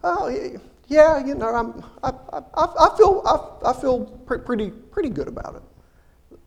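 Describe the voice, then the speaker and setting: A man's voice: very high voice, animated, measured pace, gravelly, pitched above the performer's own voice, exaggerated voice. A man voicing a nervous, unsure wife who stammers and hesitates as she answers. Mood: flustered.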